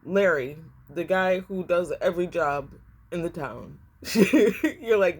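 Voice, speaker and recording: In a lowish, breathy voice, a woman takes her time giving a relaxed tarot reading. She addresses her viewers as y'all, speaking emphatically and repeating lines for effect.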